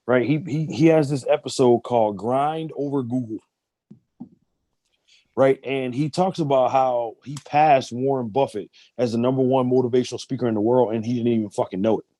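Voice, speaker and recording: Mellow-voiced man ranting on a podcast. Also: medium pitch, normal speed, no echo. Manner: emphatic, profane, acts out quoted people. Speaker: podcast co-host. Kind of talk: casual group discussion.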